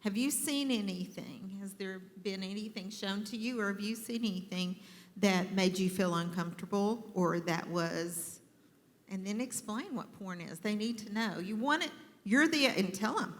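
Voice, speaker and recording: A woman's voice: mid-range voice, moderate pace, long reverb tail. A woman in a group discussion giving direct, firm parenting advice.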